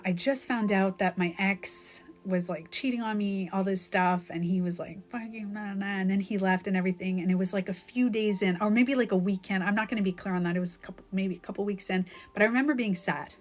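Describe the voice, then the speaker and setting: A life coach in her thirties, speaking at a medium pitch, tells a candid and emotional story in a live-stream monologue on her phone. She says "like" a lot as she talks.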